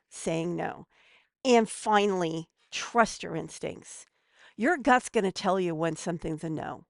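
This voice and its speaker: A woman's voice: mid-range voice, gravelly, dry recording, studio quality. A woman giving casual advice as a podcast guest, chatty and a bit snarky.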